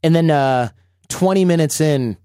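A man's voice: on the high side, a little slow, mellow, smooth, no room sound, studio quality. A man hosting a podcast, chatting casually and telling stories animatedly. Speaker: podcast host.

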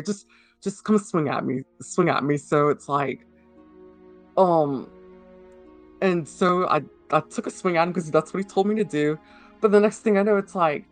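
A man giving a halting personal account in an interview, full of fillers and restarts. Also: fairly high pitch, dry recording.

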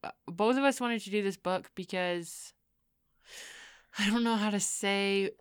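A young woman co-hosting a podcast, telling stories in a lively casual way and acting out the people she quotes. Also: mid-range voice, measured pace, clear, resonant tone, no echo, clean studio sound. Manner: lively storytelling, acts out quotes. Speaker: podcast co-host. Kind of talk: casual chat.

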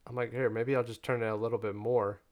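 A young man telling a story in casual chat, profane and animated, full of "like" fillers. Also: medium pitch, fast talker.

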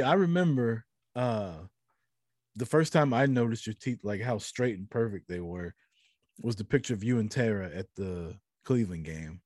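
A man hosting a podcast with a slight lisp, chatting casually and crudely, telling stories with sudden high exclamations. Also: moderate pace, darkish tone, dry recording, studio quality. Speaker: podcast host.

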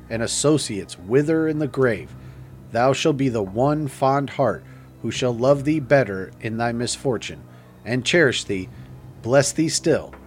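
A man's voice: mid-range voice, darkish tone, natural voice. A man voicing a devoted young woman who pleads with her beloved in tender, old-fashioned speech. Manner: archaic, solemn, tender pleading. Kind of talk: audiobook character reading.

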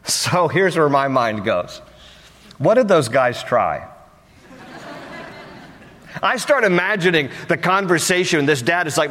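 A man preaching a sermon, telling a Bible story with playful acted-out voices, then turning softer and earnest. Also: a little high, lively intonation, measured pace, long pauses, long reverb tail. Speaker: pastor.

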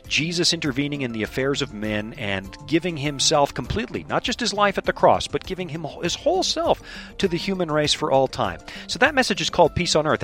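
Middle-aged guy from canada, lively up-and-down voice, chatty radio host. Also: on the high side. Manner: animated storyteller, quick and lively. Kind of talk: casual radio chat.

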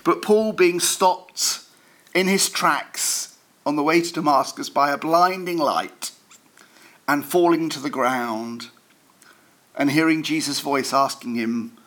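A man's voice: a little high, slow, a bit bright. A man giving a sermon at a church service in a conversational way, with self-deprecating asides and frequent fillers and restarts. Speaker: preacher.

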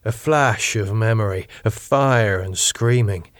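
A man narrating his own audio drama in a measured, deliberate storytelling manner. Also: lowish voice, no echo. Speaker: narrator and author.

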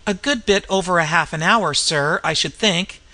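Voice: medium pitch, normal speed, sharp tone. A reader voicing a nervous, deferential male railway inspector, eager and fearful. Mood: shaken.

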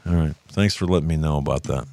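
An older man hosting a commentary show, fiery and opinionated, dropping to a mutter and then rising to shouts. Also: rumbling low, quick pace, vocal fry. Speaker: talk show host.

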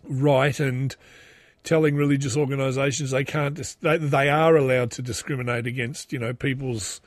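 A man's voice: medium pitch, fairly even intonation, moderate pace, dry recording, studio quality. A middle-aged man with an Australian accent hosting a podcast, telling stories in a rambling, chatty and sardonic way, with many asides. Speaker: podcast host. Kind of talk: casual monologue podcast.

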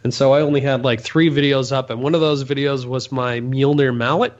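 A man's voice: mid-range voice, fairly even intonation, fairly quick. A man co-hosting a casual chat, recalling a story in an easygoing, self-deprecating way. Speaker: podcast co-host. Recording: muffled lo-fi recording.

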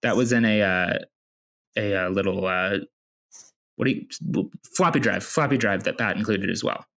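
Man rambling through a deadpan tall tale. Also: fairly low pitch, moderate pace. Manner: rambling deadpan storytelling with many fillers. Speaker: podcast co-host. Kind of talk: casual comedic chat.

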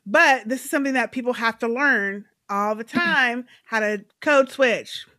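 Bright-voiced woman making her point. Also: a little high, normal speed. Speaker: show reviewer. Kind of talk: casual chat.

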